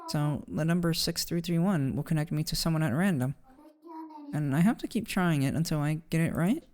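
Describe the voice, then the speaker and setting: A woman's voice: sits low, brisk, darkish tone, voice pushed up, lightly acted. A woman voicing a frightened, confused young woman who asks anxious, pleading questions, as fan voice acting of a game.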